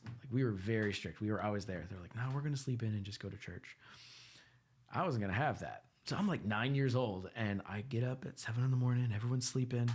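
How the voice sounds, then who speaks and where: A man's voice: fairly low pitch, slight background noise. Laid-back male podcast co-host. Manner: laid-back storytelling with laughs and acted quotes. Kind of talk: casual chat.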